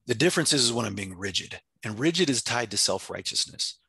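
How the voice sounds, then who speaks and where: A man speaks with passionate intensity, his gravelly, husky voice pushing forward at a quick clip. His tone is bright and forceful, and he leans hard on his points. The sound is dry and close. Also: medium pitch, expressive, no room sound. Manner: intense, emphatic, acts out his own quoted speech. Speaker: company president and CEO, guest. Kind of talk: passionate interview answer.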